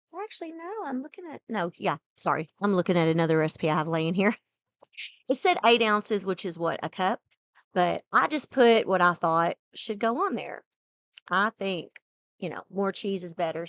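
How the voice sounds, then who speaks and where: A woman chatting casually as she cooks supper in her home kitchen. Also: medium pitch. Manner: chatty, relaxed, says y'all often. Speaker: home cooking vlogger. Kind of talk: casual cooking chat.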